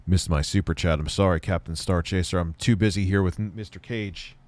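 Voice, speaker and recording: A man's voice: low-pitched, steady tone, a little fast, a little mellow, no echo. A middle-aged man hosting a live tech stream, rambling and cracking crude jokes at his chat.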